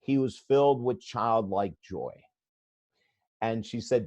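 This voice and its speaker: A man's voice: mid-range voice, slow pace, darkish tone. A man in his sixties, a guest life coach telling a story in a podcast interview, blunt and emphatic.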